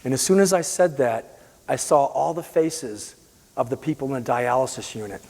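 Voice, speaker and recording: A man from the Boston area telling his own illness story as a patient advocate, earnest and halting, with frequent restarts. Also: mid-range voice, dark tone, in a large hall. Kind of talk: personal storytelling.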